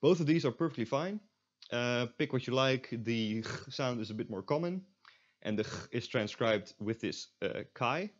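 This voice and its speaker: A man's voice: medium pitch, lively intonation, normal speed. A young man with a Dutch accent, explaining pronunciation in a casual recorded lesson, with many fillers and restarts. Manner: hesitant, lots of fillers and restarts, demonstrates sounds. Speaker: Dutch language tutor. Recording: dull lo-fi sound.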